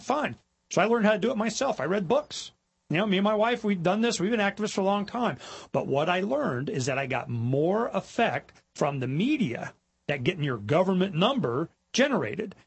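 A middle-aged man hosting a talk show, telling stories in a rambling, animated way and mimicking other people in high mocking voices. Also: slightly rough. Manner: rambling, with repetitions and restarts. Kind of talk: casual monologue.

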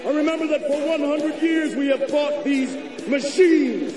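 A defiant human war leader. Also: male voice, very high-pitched. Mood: defiant, rousing. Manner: slow, solemn, building to shouts. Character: human war leader rallying troops against machines. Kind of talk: rousing film or game speech. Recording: echoey clip over music and crowd.

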